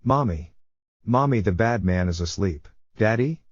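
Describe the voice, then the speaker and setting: A man voicing a small frightened boy, pleading and sobbing in a low, even voice. The audio story is dull and lo-fi, with a dry, close sound. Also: measured pace, no room sound. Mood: desperate. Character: small frightened boy who turns into a kitten.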